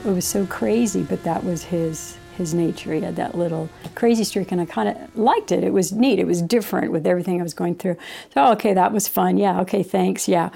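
A woman's voice: mid-range voice, vocal fry, mellow. A middle-aged woman telling a rambling personal story in a casual way, acting out quoted lines as she goes. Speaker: interviewee.

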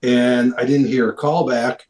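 A man guesting on a video call, telling animated anecdotes and acting out the people he quotes. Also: mid-range voice, a little slow, roomy sound, poor audio. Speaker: interview guest. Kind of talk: casual storytelling.

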